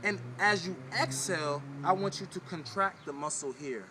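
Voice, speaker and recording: Speaking at a moderate pace in a fairly high voice against background noise, a man leads a breathing and pelvic floor exercise in a casual video. He's a spiritual wellness teacher who repeats his instructions and coaches the viewer directly.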